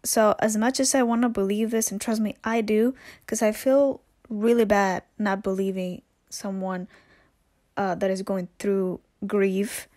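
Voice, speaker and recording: A woman's voice: medium pitch, flat delivery, unhurried, a little mellow, no room sound. Blunt sarcastic woman commentator, dry mic. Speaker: commentary host. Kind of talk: reaction commentary.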